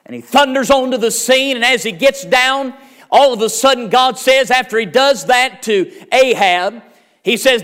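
A man's voice: very high voice, normal speed, a bit bright. A man preaching a sermon as pastor, retelling a Bible story vividly with an emphatic, repetitive preaching cadence.

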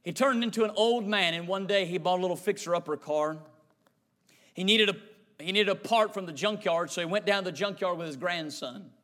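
A preacher with a high, bright, forceful voice telling a sermon story. He builds rhythm through repeated phrases. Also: brisk. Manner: repetitive, rhythmic cadence.

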